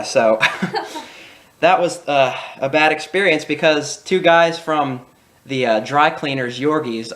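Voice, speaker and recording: A young adult man hosting a casual video, telling childhood stories with laughs and acted-out quotes. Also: medium pitch. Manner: animated, laughing, acts out quoted voices. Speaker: channel host. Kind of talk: casual storytelling.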